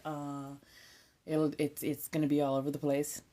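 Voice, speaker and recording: Woman, Californian accent, deep voice, laid-back stream chat, swears, occasional whispers. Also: completely flat delivery, normal speed, mellow. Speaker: ASMR streamer. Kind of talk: casual live-stream chat.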